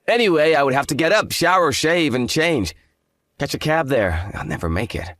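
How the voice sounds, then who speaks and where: A man's voice: a little high, lively intonation, moderate pace, fairly bright tone, no echo, clean studio sound. A man playing a smug hungover fiancé. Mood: dismissive. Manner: condescending, lazy drawl. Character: smug hungover young fiancé, arrogant and dismissive. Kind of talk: dramatized story voice acting.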